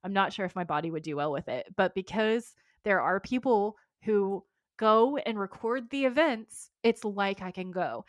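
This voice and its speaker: A woman's voice: medium pitch, moderate pace, no echo. A woman co-hosting a podcast in casual chat, rambling through tangents with restarts and frequent laughter. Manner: enthusiastic, laughs often. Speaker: podcast co-host.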